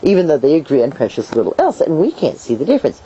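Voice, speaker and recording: A middle-aged woman herbalist telling stories in an interview, lively and playful, acting out voices and laughing as she talks. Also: deep voice, fast. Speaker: herbalist guest. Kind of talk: storytelling interview answers. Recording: dull lo-fi video sound, faint hiss.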